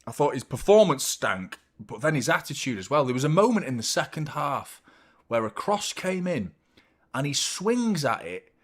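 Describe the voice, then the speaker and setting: A man hosting a live football watchalong, chatting casually with animated, sweary banter. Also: fairly high pitch, moderate pace. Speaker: host of a football fan watchalong.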